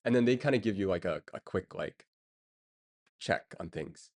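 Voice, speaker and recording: A man chats casually on a stream in a slightly low voice. He rambles with many fillers and breaks into chuckles now and then. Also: expressive, normal speed, a little mellow. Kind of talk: casual chat.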